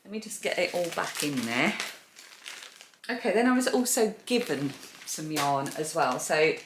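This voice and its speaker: A woman's voice: deep voice, expressive, moderate pace, noisy background. A woman hosting a crochet and knitting podcast. She chats casually while showing yarn and laughs at her own poor memory. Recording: echoey room.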